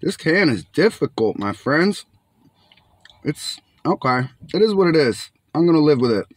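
A man's voice: fairly high pitch, big pitch swings, normal speed, dry recording. A young man casually reviewing canned fish outdoors, chatty and laid-back, often calling viewers his friends. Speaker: food reviewer. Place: outdoors in bright sun.

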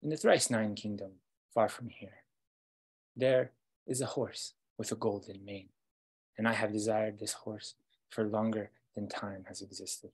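A man voicing a scheming villain king with a husky voice, speaking slowly and threateningly. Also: fairly low pitch, fairly even intonation. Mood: menacing.

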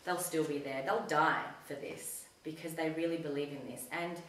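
A woman telling a personal story in a casual talk to an audience, chatty and animated when she quotes herself. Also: deep voice, moderate pace, slight background noise. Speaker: community talk speaker. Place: community centre hall. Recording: echoey hall recorded from a distance.

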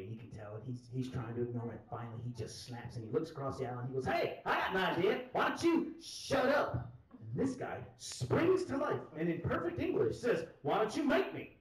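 Animated stand-up comic in an echoey club. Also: male voice, noisy background. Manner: animated, jumps into loud high voices for hecklers. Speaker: stand-up comedian. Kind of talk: stand-up storytelling. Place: comedy club stage before a live audience. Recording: roomy club sound from a distant mic, loud crowd laughter.

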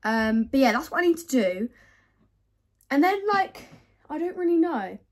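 A woman's voice: high-pitched, sing-song, moderate pace. A young woman talking casually to camera as she tidies her bedroom, rambling and correcting herself as she goes. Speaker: vlogger.

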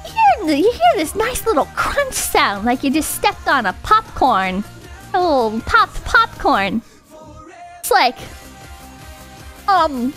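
Very high-pitched, lively woman streamer. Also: slow, pauses often, soft background music. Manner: rambling, profane, giggly, with frequent restarts. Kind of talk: casual livestream storytelling.

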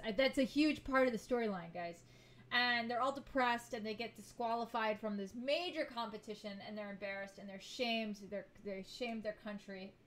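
A young woman hosting a reaction video, talking casually to her viewers and rambling with many restarts. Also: mid-range voice. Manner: rambling and chatty, often restarting sentences. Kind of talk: casual chat to camera.

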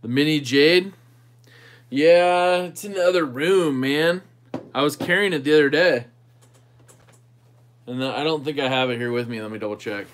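A man's voice: a little high, normal speed, long pauses. A man hosting a knife channel livestream, chatting casually with viewers and thinking aloud while he tinkers with a knife.

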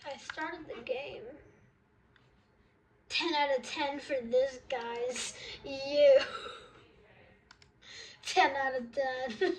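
Giggly high-voiced young gamer girl. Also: drawn-out words, pauses often, slight background noise. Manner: giggly, scattered, reacting out loud to the game. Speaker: gaming video creator. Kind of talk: casual gaming commentary.

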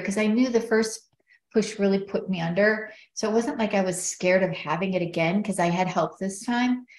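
A middle-aged woman earnestly telling a personal story in conversation, reflective and quoting others as she goes. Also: mid-range voice. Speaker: guest telling her story. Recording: roomy echo.

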